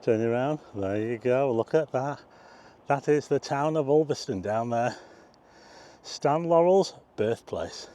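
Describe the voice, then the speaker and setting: With a mellow, mid-range voice and measured pace, an older vlogger talks to viewers while driving and then walking up a hill outdoors. He exclaims now and then and grows short of breath on the climb.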